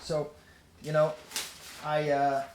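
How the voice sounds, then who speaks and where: A man's voice: fairly high pitch, completely flat delivery, slow, darkish tone, a little hiss or hum. A man casually reviewing a concert video song by song, rambling and often breaking off mid-sentence. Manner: rambling, digressive, self-interrupting. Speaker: music reviewer.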